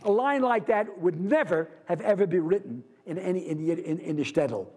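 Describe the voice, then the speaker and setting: A man giving a university literature lecture, lively and posing rhetorical questions to his class. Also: high voice, normal speed, hardly any pauses, slightly rough.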